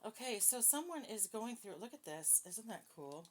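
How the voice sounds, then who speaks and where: A woman's voice: a little high, big pitch swings, normal speed, slight background noise. A woman doing a casual spiritual card reading, chatty and self-deprecating, checking in with her viewers. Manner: chatty, self-deprecating, talks straight to viewers with frequent "okay?". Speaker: tarot card reader.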